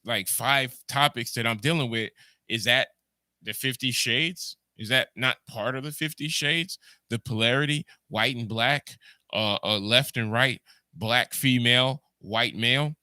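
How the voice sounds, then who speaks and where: Jamaican guy on a livestream, rambling and repeating himself, super bright voice, dry close sound. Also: mid-range voice, no room sound. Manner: rambling, repeats words, talks to live chat. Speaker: podcast host. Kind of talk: casual livestream commentary.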